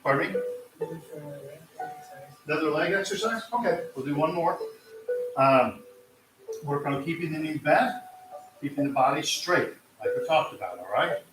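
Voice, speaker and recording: Male tai chi teacher, mid-pitched, steady counted cues, recorded from a distance in a reverberant room with music underneath. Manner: calm, counting out slow cues. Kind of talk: guided exercise class instruction. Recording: roomy, distant mic with music.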